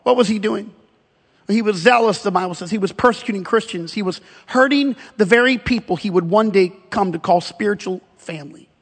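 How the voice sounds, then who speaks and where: Male pastor, high-pitched, lively humorous preaching style, recorded with hall reverb. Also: fairly quick, breathy edge. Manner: animated preaching with humor and emphatic repetition. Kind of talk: sermon.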